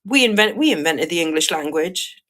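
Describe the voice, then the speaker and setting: A woman's voice: lowish voice, lively intonation, normal speed, bright, forceful tone. A woman from Wales with a Welsh accent, chatting casually while selling jewellery on a live stream and greeting viewers.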